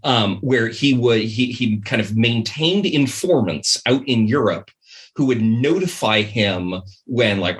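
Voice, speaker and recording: A man's voice: on the low side, unhurried, a bit bright. A man guest on a podcast, chatting casually and rambling, with many ums and restarts. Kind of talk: casual chat.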